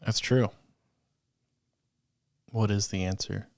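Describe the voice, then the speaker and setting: Deep-voiced man in casual podcast chat. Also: fairly even intonation, slow pace, gravelly, a little mellow, no echo. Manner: explains things at length, thinking aloud. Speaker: podcast co-host.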